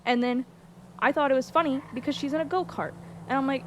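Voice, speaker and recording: A woman telling a story in casual chat, animated and exasperated, swearing often. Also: high-pitched, fast talker, slight background noise. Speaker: streamer recounting a roleplay.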